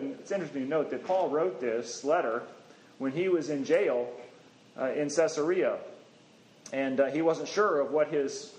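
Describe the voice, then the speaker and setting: A man preaching a sermon in a conversational, halting way, rising in pitch when he stresses a point. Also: echoey room, low-quality recording.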